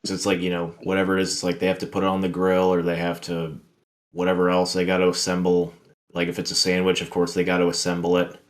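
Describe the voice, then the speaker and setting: Low-voiced man rambling through a story. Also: completely flat delivery, quick pace. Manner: rambling, filler-heavy, profane. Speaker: podcast host. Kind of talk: casual storytelling chat.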